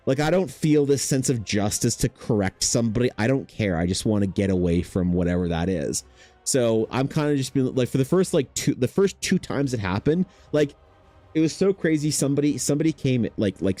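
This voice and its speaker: A young man chatting casually while drawing on his art stream, telling stories in a rambling, animated way full of fillers. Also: medium pitch, brisk. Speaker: artist hosting a drawing stream.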